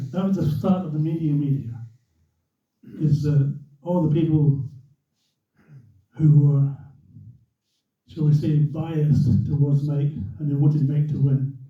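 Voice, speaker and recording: An older man spins an animated story for a club audience, acting out every voice he quotes. His voice sits fairly high for a man and comes from some way off the mic. It rings around an echoey hall on a dull, lo-fi recording. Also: far from the mic. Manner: animated, acts out quotes and a commentator's voice. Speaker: former racer telling a story to a club audience. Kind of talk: anecdotal storytelling. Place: club room.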